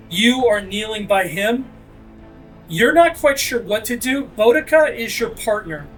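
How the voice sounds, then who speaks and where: A game master narrating a sword fight at the table, his voice pitched high for a man. He drives the action hard, bursting into sound effects, with faint music underneath. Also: a little slow. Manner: energetic, with shouted sound effects.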